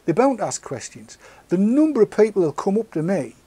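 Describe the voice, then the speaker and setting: A man's voice: high-pitched, brisk, slightly rough, no echo. Brief: male host, rambling storyteller, dry recording. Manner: rambling, repeats words, lively storyteller. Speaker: show host. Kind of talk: casual chat.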